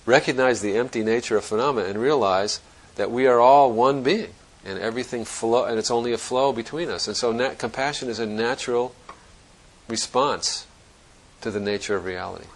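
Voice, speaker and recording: A man's voice: mid-range voice, a little fast, rough recording. A man giving a Zen dharma talk to students, thinking aloud in a reflective, conversational way and often restarting his sentences. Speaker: Zen teacher.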